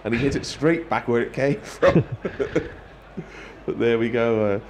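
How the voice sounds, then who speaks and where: A man giving ball-by-ball cricket commentary in a measured, wry way, lifting his voice when a wicket falls. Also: medium pitch, slight background noise. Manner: wry, measured, quick to joke.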